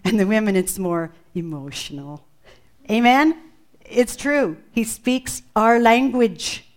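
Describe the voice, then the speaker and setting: A woman preaching a sermon, emphatic and expressive, full of rhetorical questions to the congregation. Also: fairly high pitch, takes it slowly.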